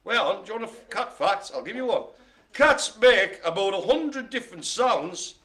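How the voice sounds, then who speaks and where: A man's voice: high voice, animated, moderate pace, pushed and bright. A man hosting a live-streamed bingo game, joking and playing the showman as he calls out each item. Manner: jokey, playful, showman-like. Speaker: bingo caller and host.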